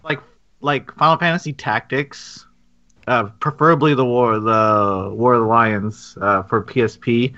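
A man's voice: medium pitch, unhurried, pushed and bright, highs cut off. A man co-hosting a casual gaming podcast, joking and opinionated. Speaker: podcast co-host.

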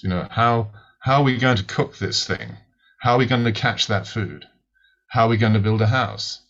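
A British man with a low voice talks a listener through his ideas like a patient lecturer, stopping often to ask "right?" and repeating words as he begins. The recording sounds muffled and lo-fi, with the top end dulled. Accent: British English. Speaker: author and interpreter, podcast guest. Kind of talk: explanatory interview answer. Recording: muffled lo-fi audio.

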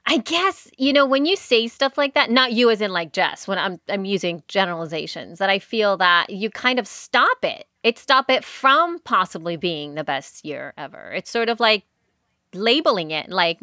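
A woman's voice: mid-range voice, big pitch swings, normal speed, bright, forceful tone, no echo, studio quality. A woman co-hosting a casual chat, rambling and hedging as she talks, laughing often. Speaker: podcast co-host.

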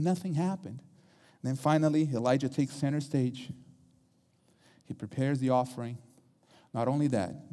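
A man's voice: mid-range voice, mellow, big-room sound. A man preaching a sermon, retelling a story dramatically and acting out the quotes.

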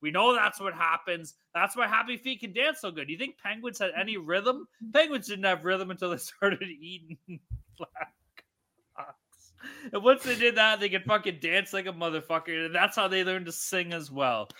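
A man's voice: high-pitched, moderate pace, sharp tone. A tipsy man hosting a casual sports podcast, talking in a crude, profane way and often laughing. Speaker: podcast host. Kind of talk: casual chat.

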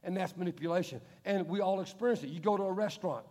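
High-voiced male pastor in a reverberant hall. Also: a little mellow. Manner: emphatic, rhetorical questions, slows to stress words. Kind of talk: sermon. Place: large church hall with screen.

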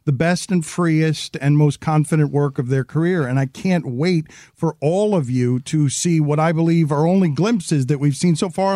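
Casting: middle-aged man, slightly high voice, effusive host, dry studio sound. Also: darkish tone, no echo. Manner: effusive, long winding sentences. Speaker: show host and media company head. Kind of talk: casual interview chat.

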